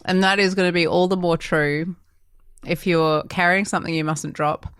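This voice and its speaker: A woman's voice: lowish voice, steady tone, normal speed, smooth, dry recording, studio quality. A woman co-hosting a podcast, bantering playfully in casual conversation. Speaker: podcast co-host. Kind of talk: casual chat.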